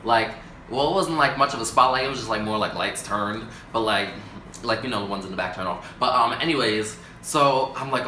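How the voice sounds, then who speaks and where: A young man telling a storytime vlog, dramatic and animated, acting out quotes with big jumps in pitch. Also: fairly quick, echoey room, a little hiss or hum, rough recording. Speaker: vlogger.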